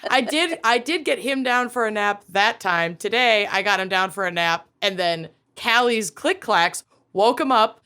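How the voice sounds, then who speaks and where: A woman co-hosting a podcast in casual chat, joking with quick laughs and mock-dramatic lines. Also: medium pitch, lively intonation, pushed and bright, clean tone. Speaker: podcast co-host.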